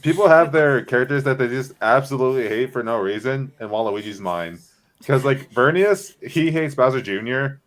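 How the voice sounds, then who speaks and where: A man's voice: medium pitch, animated, moderate pace. A man as a guest in a casual chat on a call, blunt and opinionated.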